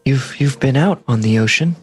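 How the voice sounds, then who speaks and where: A man's voice: medium pitch, normal speed, breathy edge, soft background music. A man playing his character in a tabletop game, earnest, curious and a bit hesitant. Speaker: player voicing his character. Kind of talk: in-character tabletop role-play.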